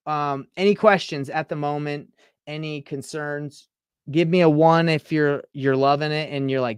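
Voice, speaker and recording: Casual man in his thirties, smooth voice. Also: fairly high pitch, fairly even intonation, moderate pace, dry recording, clean studio sound. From Utah, US. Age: 30s. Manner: casual, chatty, reads texts aloud and reacts. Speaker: real estate coach. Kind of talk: live-streamed screen-share tutorial.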